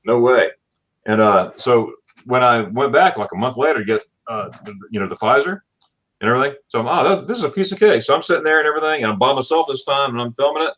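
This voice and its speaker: Lively storytelling man from Florida. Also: medium pitch, quick pace. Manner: animated storyteller, acts out quotes with laughs. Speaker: livestream host. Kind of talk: casual livestream chat.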